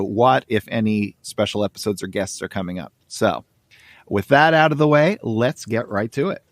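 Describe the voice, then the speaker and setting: A man hosting a casual podcast, welcoming and talking through each comic panel. His voice sits at a middle pitch. The recording is close and dry, with faint music behind him. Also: no room sound. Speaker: podcast host. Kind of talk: casual podcast chat and reading comic strips aloud.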